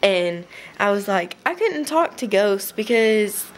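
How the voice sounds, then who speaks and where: A young woman casually telling a rambling story to her webcam at home, chatty and giggly, with quick bursts. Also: mid-range voice, big pitch swings. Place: home room.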